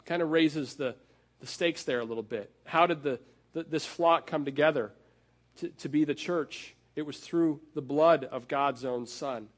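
A middle-aged male pastor with a fairly high voice gives a sermon in an easy, conversational tone. He restarts his phrases often, uses fillers, and slows right down to press home the key lines.

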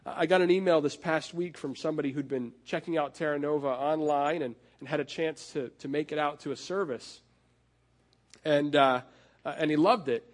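A middle-aged man preaching a sermon in a conversational way, with fillers and restarts, and slowing down to lean on key phrases. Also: fairly high pitch. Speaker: pastor.

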